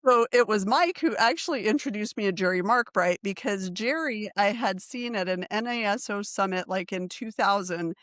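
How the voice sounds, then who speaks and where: A woman hosting a podcast, chatting in a lively, friendly way as she tells her own story. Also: medium pitch, normal speed, hardly any pauses, no echo, studio quality. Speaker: podcast host. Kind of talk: conversational interview.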